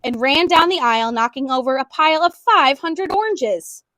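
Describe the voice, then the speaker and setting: A woman reading a children's storybook aloud in an expressive way. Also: high voice, normal speed, no echo, studio quality, soft background music. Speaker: storybook reader.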